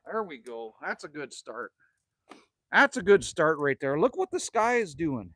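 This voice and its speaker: A man from Manitoba, Canada, hosts a casual livestream from inside a cabin with a wood stove, rambling, cracking jokes and reading chat messages aloud. His voice sits on the high side and has a sing-song lilt, a slightly slow pace and a fairly bright tone. The recording is dry.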